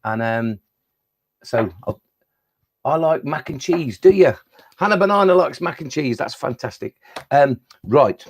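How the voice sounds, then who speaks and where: A man's voice: fairly high pitch, animated, measured pace, pauses often, husky. A man with a Midlands accent, a children's poet, reading playful rhymes and chatting with schoolchildren on a live stream. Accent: Midlands English. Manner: playful rhyming recitation and chatty asides to children.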